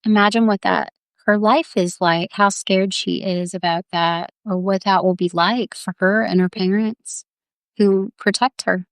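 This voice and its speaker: On a live video, a woman with a mid-range, clear, resonant voice guides a healing visualization. Her intonation stays fairly even, and she speaks slowly and soothingly with no echo, repeatedly calling the listener "honey."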